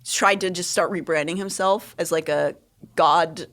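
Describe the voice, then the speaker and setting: A woman co-hosting a podcast livestream in casual chat, animated, her pitch jumping up on punchlines. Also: measured pace. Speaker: podcast co-host.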